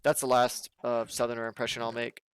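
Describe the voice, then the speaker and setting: A man's voice: mid-range voice, completely flat delivery, fairly quick, clean tone. A man from the southern United States casually commenting on his gameplay, chatty and jokey as he thinks aloud. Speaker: let's play host.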